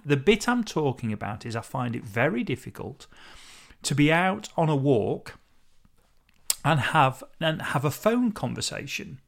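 A man's voice: mid-range voice, creaky. A man hosting a casual solo podcast, talking in a rambling, chatty way and often correcting himself mid-sentence. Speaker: podcast host.

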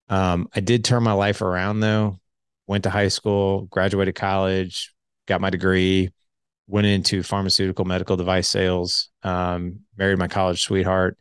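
A man's voice: sits low, clear, resonant tone, no echo, clean studio sound. A man in his forties candidly telling his life story in casual conversation, full of "like" fillers. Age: 40s. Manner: candid, heavy use of filler "like".

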